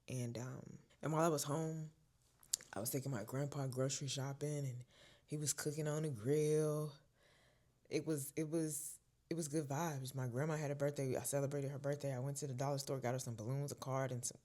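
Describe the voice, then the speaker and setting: A young woman vlogger telling a personal story in a casual, expressive way, dropping to hushed whispers and rising to loud bursts. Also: extremely low pitch.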